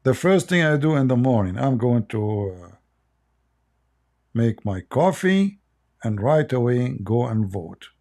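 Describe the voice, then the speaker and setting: A man's voice: medium pitch, big pitch swings, unhurried, a little mellow. A middle-aged man with an Arabic accent hosting a livestream, blunt, mocking and emphatic in his commentary. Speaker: livestream host.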